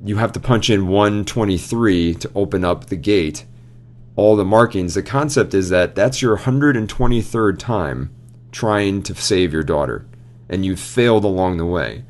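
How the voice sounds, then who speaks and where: On a laid-back chat show, a young co-host tells a story with lots of animation, quoting the people in it. His voice is low and a little slow.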